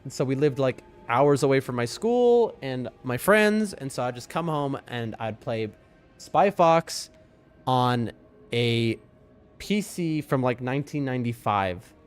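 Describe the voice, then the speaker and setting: A man's voice: animated, a little slow, smooth. A man streaming a game live, chatting casually and rambling to his viewers. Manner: chatty and rambling, talks to his chat, soft high voice when talking to his cats. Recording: faint music behind the voice.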